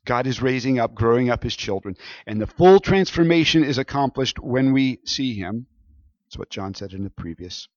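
A man's voice: mid-range voice, expressive, normal speed, darkish tone, no echo, lo-fi sound. A man preaching a sermon in a conversational way, often checking in with his listeners. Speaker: pastor.

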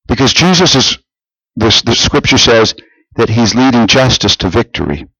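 A man preaching a sermon, explaining a scripture passage in an earnest, measured way with some restarts. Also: medium pitch, lively intonation, fairly bright tone, slightly rough, no room sound, low-quality recording. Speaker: pastor.

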